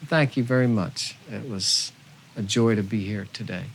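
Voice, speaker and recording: A man giving a gentle, unhurried spiritual talk to camera, soft-spoken with easy pauses and fillers. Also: lowish voice, creaky, a little hiss or hum. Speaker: spiritual vlogger.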